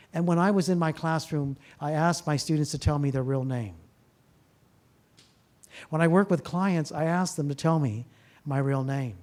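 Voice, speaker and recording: A man, a therapist, giving a public talk to a live audience, telling stories and asking the listeners rhetorical questions. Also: on the high side. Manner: acts out dialogue in lively voices.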